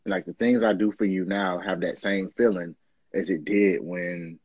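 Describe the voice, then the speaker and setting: Married guy musing on a podcast, low voice, dead dry lo-fi audio. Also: moderate pace, breathy edge, dry recording. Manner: reflective, relaxed storytelling. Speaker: podcast co-host. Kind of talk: casual chat.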